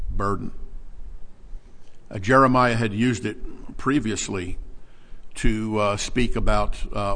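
A man teaching a Bible passage verse by verse, animated, restarting words and often asking his listeners questions. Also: lowish voice.

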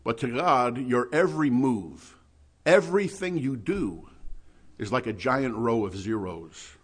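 A middle-aged man preaching a sermon, emphatic, with loud stressed words and quiet asides. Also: mid-range voice, animated, unhurried, breathy edge. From New Jersey.

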